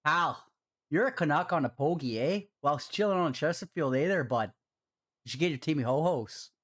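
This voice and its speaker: A man putting on an exaggerated Canadian accent for a jolly, chummy Canadian guy, talking hearty and loud. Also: a little high, expressive, moderate pace. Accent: put-on Canadian.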